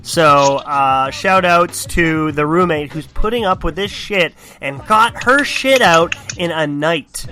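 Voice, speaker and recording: Young man, podcast host, rambling, self-mocking, bright tone, higher pitch. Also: takes it slowly, few pauses, faint music behind. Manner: rambling, profane, self-deprecating. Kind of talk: casual podcast chat.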